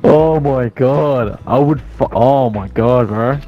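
Slow, laid-back young Aussie gamer. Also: male voice, mid-range voice, lo-fi sound, noisy background. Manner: laid-back, laughing along, swearing. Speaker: online game teammate. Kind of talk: casual game voice chat.

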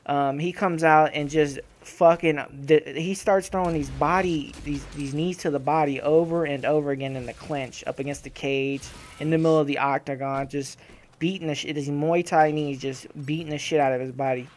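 A man's voice: on the high side, moderate pace, slight background noise. Profane fired-up young man. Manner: profane, animated, trash-talking. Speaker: gaming channel host. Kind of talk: casual fight reaction commentary.

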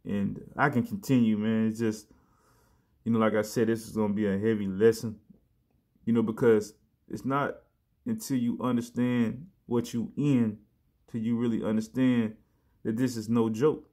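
A man giving a casual sermon, talking in a loose conversational way, often saying "man" and "you know", and reading verses slowly with emphasis. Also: lowish voice, level tone, a little mellow. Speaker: preacher.

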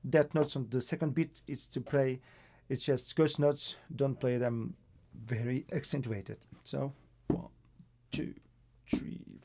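A man's voice: medium pitch, steady tone, a little slow, hardly any pauses, mellow, a little hiss or hum. A man from Portugal with a Portuguese accent, teaching a guitar lesson and counting beats patiently. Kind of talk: guitar tutorial. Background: acoustic guitar playing.

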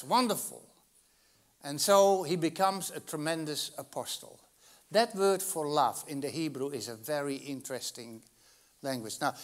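A male pastor preaching at a slow, deliberate pace, his fairly high voice rising to loud peaks and then dropping to near-hushed lines. He tells the story with dramatic pauses and lets single words hang. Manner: dramatic storytelling with wide swings in loudness and pitch. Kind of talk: sermon.

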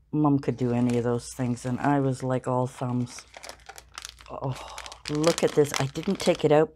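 A woman in her sixties chatting casually on her own channel, musing aloud as she opens gifts, warmly effusive. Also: deep voice. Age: 60s. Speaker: craft channel vlogger. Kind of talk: casual unboxing chat.

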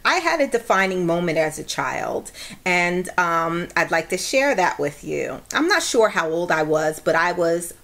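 A woman's voice: fairly low pitch, very animated, unhurried, gravelly, fairly bright tone. A woman vlogging casually to camera, bubbly and giggly, acting out her stories as she goes. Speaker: vlogger reviewing a product.

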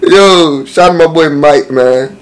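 A man's voice: on the high side, measured pace, low-quality recording. A young man chatting casually on a video chat app, roasting the strangers he meets with brash, profane slang and a lot of laughter.

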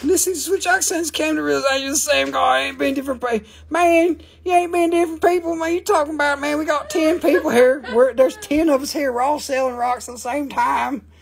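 A man's voice: extremely high pitch, fairly even intonation, normal speed, creaky, pitched above the performer's own voice. A man putting on a hyped-up, slangy dude voice that calls everyone "man". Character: high-pitched slangy excited male dude.

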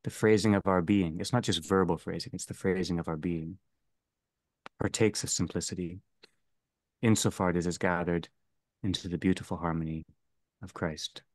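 A man leading a theology seminar, speaking slowly and deliberately and restating each phrase. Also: low-pitched, fairly even intonation, a little mellow, no room sound. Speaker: seminar leader. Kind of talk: theology lecture.

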